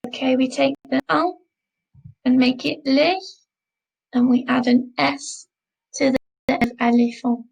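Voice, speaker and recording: A woman teaching a school French class, speaking slowly and patiently and repeating each word twice. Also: high voice, fairly even intonation, creaky, husky, dull audio. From England. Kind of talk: classroom lesson explaining French grammar.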